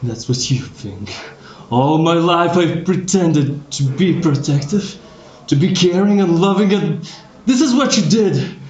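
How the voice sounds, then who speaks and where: Man playing bitter burnt father, loud and accusing, echoey room. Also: medium pitch, a little slow, muffled recording, natural voice. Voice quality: anguished, accusing, raising his voice.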